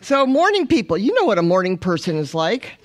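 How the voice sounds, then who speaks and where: A woman's voice: medium pitch, very animated, fairly quick. A middle-aged woman, a missionary guest preacher, praying and then preaching with humorous stories and call and response. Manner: warm, humorous storytelling with congregational call and response. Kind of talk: sermon with opening prayer.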